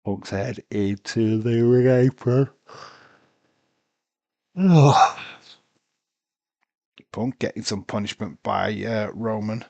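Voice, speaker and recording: Tired guy with a slow, low drawl, muttering live wrestling commentary to himself. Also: steady tone, creaky, warm tone, dry recording, dull audio. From United Kingdom. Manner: rambling, talks to himself. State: sleepy, tired. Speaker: watch-along streamer.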